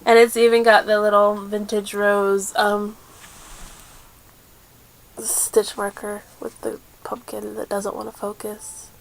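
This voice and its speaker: A woman hosting a crafting video podcast in casual chat, chatty and quick with asides, laughing often. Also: medium pitch, completely flat delivery, vocal fry. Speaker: podcast host.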